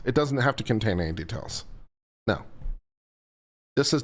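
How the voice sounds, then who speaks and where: A man's voice: a little high, animated, a little fast, pauses often. A man hosting a legal commentary stream, explaining rules to viewers over and over in a patient but mildly exasperated teaching manner.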